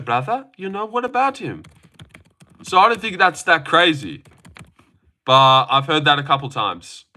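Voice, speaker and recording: A man's voice: on the high side, very animated, measured pace, pauses often, pushed and bright. A young man hosting a casual live stream from his phone, joking, swearing now and then and answering chat comments.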